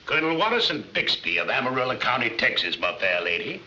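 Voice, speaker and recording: A pompous courtly colonel. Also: male voice, medium pitch, big pitch swings, fast talker, sharp tone, slightly rough, heavily acted. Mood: gallant. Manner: florid, formal and gallant. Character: pompous, courtly Texan colonel, middle-aged gentleman. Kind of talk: 1940s film comedy acting. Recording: dull 1940s film soundtrack with long reverb.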